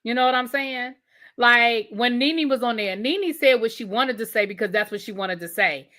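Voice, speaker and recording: A woman in talks through her opinions on TV shows for a live audience. Her voice is bright and sits a little high. She rambles and restarts, then circles back to hedge what she thinks. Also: normal speed. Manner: chatty and opinionated, with frequent restarts and repeated hedges. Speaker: show reviewer and livestream host. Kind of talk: casual livestream commentary.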